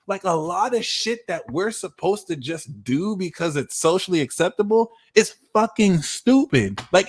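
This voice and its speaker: A man in his thirties giving a livestream tarot reading, talking in a blunt, animated way and swearing freely. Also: high-pitched. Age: 30s. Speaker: tarot reader.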